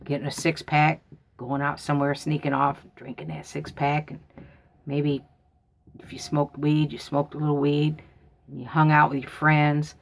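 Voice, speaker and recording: A woman's voice: sits low, little pitch movement, moderate pace, vocal fry. A woman, telling a family story in a rambling, folksy way. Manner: rambling, folksy, repeats herself. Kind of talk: casual storytelling.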